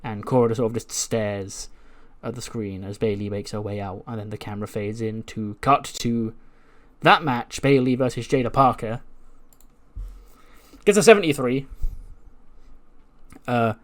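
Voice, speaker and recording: A man's voice: mid-range voice, measured pace, pauses often. A man casually narrating a wrestling management game, chuckling at his own storylines. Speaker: gaming channel host. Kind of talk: casual let's-play narration.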